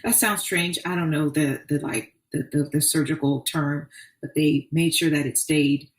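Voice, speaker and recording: A woman's voice: sits low, fairly even intonation, moderate pace. A woman hosting a podcast, telling her own story in an earnest, faith-filled way with many restarts. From Arkansas. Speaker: podcast host. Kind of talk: personal testimony podcast. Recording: echoey room, distant mic.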